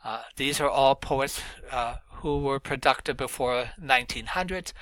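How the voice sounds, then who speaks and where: A man lecturing on literature, explaining in a measured way with frequent filler sounds. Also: mid-range voice, a bit bright, low-quality recording. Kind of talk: recorded lecture.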